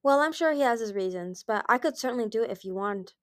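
A woman reading the part of an ancient male dragon who speaks gently and politely, with a quiet menace, in an amateur storybook reading. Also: fairly high pitch, lively intonation, fast, no echo, studio quality, natural voice. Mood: calm.

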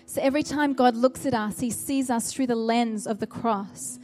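A woman's voice: a little high, moderate pace, a little mellow, faint music behind. A woman preaching a sermon, earnest and exhorting, with a run of searching rhetorical questions.

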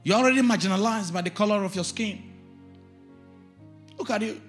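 A man, a pastor, preaching a sermon with shouted lines and sing-song call-and-response. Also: high-pitched, fairly quick, long pauses, soft background music.

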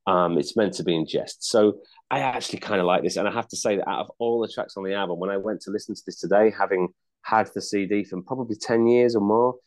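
A man's voice: lowish voice, fast. A man co-hosting a casual album review podcast, chatty and hesitant, with many fillers and restarts. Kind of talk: casual chat.

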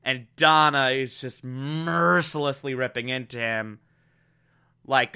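A man giving an excitable, emphatic recap of a TV episode, laughing often and acting out the characters' lines. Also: mid-range voice, slow pace, clean tone. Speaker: TV show reviewer. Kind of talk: casual recap commentary.

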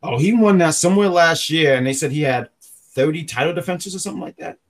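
A man's voice: fairly high pitch, fairly quick. A man hosting a podcast in casual, rambling chat, often stopping to correct himself. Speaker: podcast host.

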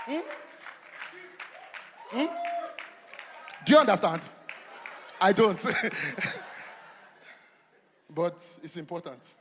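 High, husky man preaching. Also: drawn-out words, long pauses, a faint crowd. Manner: animated preaching, swinging from shouts to low asides. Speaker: pastor. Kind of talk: sermon. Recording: long hall reverb.

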